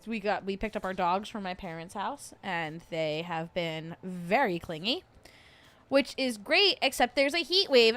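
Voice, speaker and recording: A woman's voice: medium pitch, fairly bright tone. A young adult woman hosting a casual livestream, chatty and playful, laughing often as she rants about food. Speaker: podcast host.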